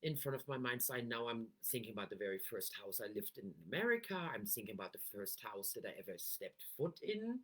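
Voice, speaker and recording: A woman's voice: very deep voice, big pitch swings, brisk, few pauses, slightly rough. A middle-aged woman giving a coaching talk straight to camera. She speaks expressively and keeps shifting her voice tone to make a point. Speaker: NLP coach.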